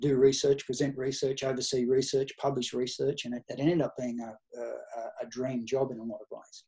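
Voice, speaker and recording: Middle-aged aussie guy, quick talker, mellow voice, yarns through old stories quoting what people said. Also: mid-range voice, flat delivery. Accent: Australian. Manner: anecdotal, tells stories by quoting past conversations. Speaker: podcast guest, nutrition researcher and coach. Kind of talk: conversational storytelling.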